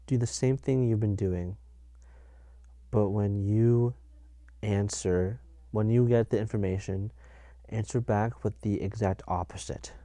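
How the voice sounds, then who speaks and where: A man's voice: on the low side, fairly even intonation, measured pace, warm tone, no room sound. A young man hosting a casual solo podcast, rambling and correcting himself as he talks. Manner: rambling, self-correcting, laughs at his own jokes. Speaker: podcast host.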